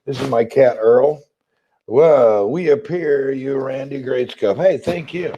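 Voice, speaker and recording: A man from Tennessee with a Southern accent and a slightly hoarse, crackly voice, chatting casually on a livestream and reading viewer comments. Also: mid-range voice, slow pace, dark tone, muffled recording. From Tennessee, USA. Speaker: livestream host.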